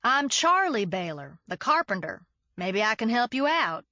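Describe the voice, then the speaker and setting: A woman's voice: a little high, sing-song, normal speed, sharp tone, no echo, dull audio, full character voice. A woman reading an audiobook, voicing a teasing, cocky man in his early forties who drawls in a mock hick accent.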